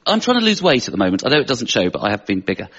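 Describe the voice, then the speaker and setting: A man, a comedian guest, doing a self-mocking stand-up routine in an animated manner. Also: medium pitch, racing, creaky. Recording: dull TV studio sound, loud audience.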